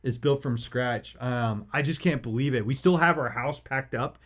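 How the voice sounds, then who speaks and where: Rambling excitable man hosting a podcast. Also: mid-range voice, moderate pace. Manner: rambling, excitable, many restarts. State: emotional. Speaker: podcast host. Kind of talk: casual chat.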